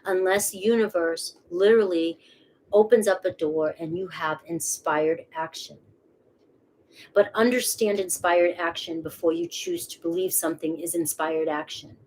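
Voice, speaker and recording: A woman's voice: on the low side, darkish tone, slight background noise. A woman with a Boston accent, reading tarot cards live in a casual, chatty way and swearing freely. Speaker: tarot reader.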